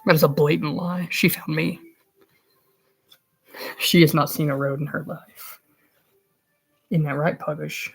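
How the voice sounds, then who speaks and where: A woman's voice: low voice, steady tone, a little slow, vocal fry, pauses often, husky. A woman streamer rambling casually and swearing, now and then baby-talking to her cat.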